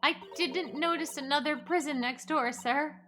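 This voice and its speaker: A gruff, suspicious prison governor, voiced by a woman with a shaky made-up accent and a bright edge. He is rude and blustering, over light game music. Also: high voice, normal speed, pitched above the performer's own voice. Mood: gruff, hostile. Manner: improvised wobbly put-on accent, breaking into laughter.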